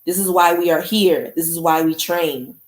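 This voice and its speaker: A woman's voice: lowish voice, normal speed, natural voice. A woman voicing a stern older female teacher of staff fighting, giving firm, commanding instruction. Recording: echoey room.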